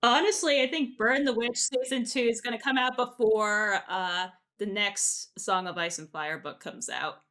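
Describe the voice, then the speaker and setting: A woman's voice: a little high, moderate pace, hardly any pauses. Easygoing young woman hosting. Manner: relaxed, with fillers and light laughs. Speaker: podcast host. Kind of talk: casual podcast chat.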